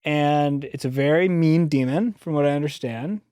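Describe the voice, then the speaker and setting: A man's voice: fairly high pitch, normal speed, mellow, smooth, dry recording, studio quality. A man co-hosting a comedy podcast, asking curious questions and rambling self-deprecatingly in casual chat. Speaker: podcast co-host.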